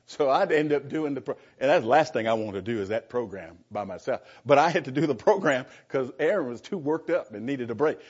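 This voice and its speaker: Husky-voiced man preaching to a class. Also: medium pitch, expressive, a little fast, few pauses, dull audio. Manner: sarcastic, chuckling, addresses the room directly. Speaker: preacher teaching a Bible class. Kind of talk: informal classroom sermon.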